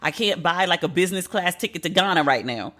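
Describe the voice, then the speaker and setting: Bright-voiced woman podcast host venting. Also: fairly low pitch, fast talker. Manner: animated, profane venting. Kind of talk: solo podcast monologue.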